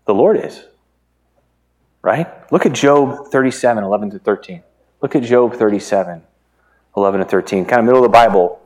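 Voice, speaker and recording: A man's voice: lowish voice, fairly quick, long pauses, darkish tone. A man preaching a sermon in a conversational way, asking the congregation questions and retelling the story. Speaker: pastor.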